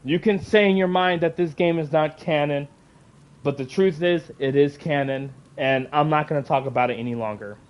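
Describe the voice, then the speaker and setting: A man's voice: a little high, moderate pace, dull audio. Fuming man ranting on his channel. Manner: angry, profane ranting with heavy sighs. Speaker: channel host. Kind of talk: livestream rant.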